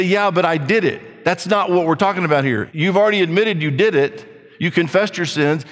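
A man's voice: on the high side, in a large hall. A man preaching a sermon in an emphatic, conversational way, asking rhetorical questions.

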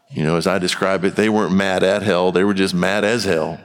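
A man's voice: deep voice, steady tone, fairly quick, hardly any pauses, clear, resonant tone. A man preaching a sermon in a church, talking candidly and conversationally. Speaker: pastor. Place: church sanctuary. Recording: long hall reverb.

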